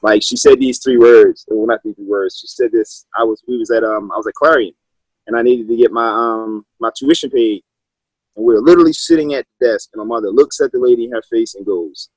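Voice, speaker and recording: Speaking briskly, this thirty-something guest from Maryland, a high school wrestling coach, wanders through casual anecdotes and keeps restarting his sentences. His mid-range voice is a little mellow with a breathy edge. The audio is poor, though there's no echo.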